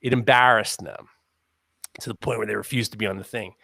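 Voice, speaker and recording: A man's voice: fairly low pitch, fairly even intonation, fairly quick, creaky, sharp tone, no room sound. Guy cohosting a knife podcast live, rambly casual chat, dry mic sound. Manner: rambling, acts out quotes in funny voices. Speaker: podcast co-host asking questions.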